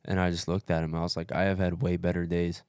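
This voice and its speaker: A man's voice: sits low, quick pace, clear, resonant tone, no echo, clean studio sound. A man on a casual podcast telling a story, swearing freely, calling people dude and bro, and acting out what others said. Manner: profane, animated retelling with acted-out quotes; peppers speech with dude and bro. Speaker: podcast co-host recounting his race.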